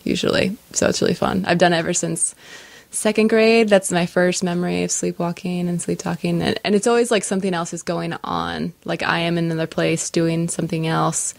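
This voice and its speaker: Low-voiced woman telling stories. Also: fairly quick, gravelly, few pauses, dry recording. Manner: animated storyteller, laughs often. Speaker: podcast co-host. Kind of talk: casual chat.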